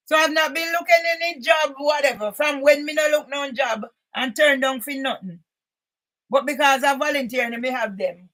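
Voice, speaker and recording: Indignant older woman, high voice. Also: normal speed, poor audio. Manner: indignant, often bursts into shouting. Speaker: channel host. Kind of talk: reading documents aloud with angry comments.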